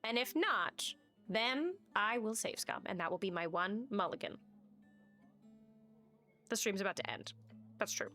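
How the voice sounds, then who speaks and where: A woman's voice: mid-range voice, sing-song, measured pace, long pauses, pushed and bright, soft background music. A woman streaming a game live, chatting casually, swearing and reading the game's text aloud.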